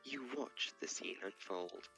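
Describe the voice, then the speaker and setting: A co-streamer reading a game's story text aloud with lively expression. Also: deep voice, unhurried, vocal fry, soft background music, rough recording.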